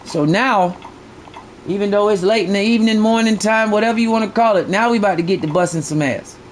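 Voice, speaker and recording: A man's voice: high-pitched, a little fast, a little hiss or hum. A man streaming a fishing game live, ranting bluntly and profanely to his chat and repeating his points.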